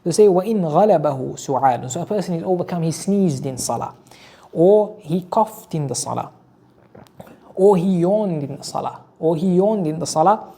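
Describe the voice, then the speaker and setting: A man's voice: fairly high pitch, lively intonation, quick pace, mellow. A man giving a religious lesson, explaining rulings and often repeating his key phrases, with Arabic terms mixed in. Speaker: Islamic teacher.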